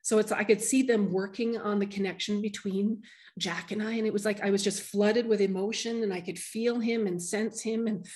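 Woman, middle-aged, medium, heartfelt personal story, halting restarts, interview. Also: medium pitch, steady tone, a little mellow.

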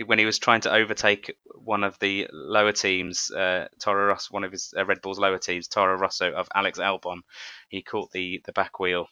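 A man's voice: deep voice, level tone, moderate pace, few pauses, pushed and bright, smooth, no room sound, highs cut off. A man co-hosting a casual podcast who rambles, laughs often and restarts his sentences. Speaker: podcast co-host. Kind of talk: casual chat.

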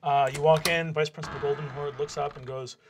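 A man's voice: a little high, flat delivery, brisk, noisy background. A man narrating as game master in a casual, laughing way.

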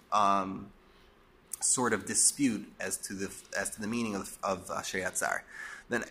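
A man teaching a Torah class, explaining and posing rhetorical questions, a bit hoarse and coughing as he loses his voice. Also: on the low side, sharp tone, slight background noise. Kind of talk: lecture.

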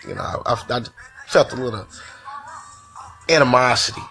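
Male host, gravelly voice, mid-range pitch, loose profane venting monologue. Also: lively intonation, normal speed, pushed and bright, soft background music. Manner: profane, conversational, loose storytelling. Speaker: podcast host. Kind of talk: casual venting story.

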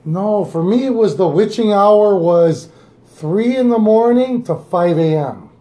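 A man's voice: high-pitched, animated, unhurried, mellow, reverberant. A young man co-hosting a podcast, telling a story in a laid-back casual way and chuckling often. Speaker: podcast co-host. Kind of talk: casual chat.

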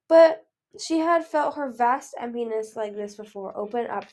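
A woman reading a fantasy novel aloud in an earnest, expressive way. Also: a little high, moderate pace. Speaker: audiobook reader. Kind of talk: storybook read-aloud.

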